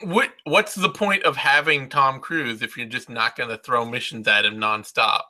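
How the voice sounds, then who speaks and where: Podcast guy cracking jokes, very bright sharp voice, trips over his words. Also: medium pitch, moderate pace. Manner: jokey, stammers and restarts. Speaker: podcast co-host. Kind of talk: casual joking chat.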